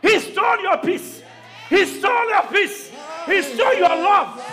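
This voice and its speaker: A man preaching a shouted call-and-response sermon to a congregation, pausing for replies and breaking into tongues. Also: extremely high pitch, lively intonation, over loud music, over a noisy crowd. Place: church service with congregation.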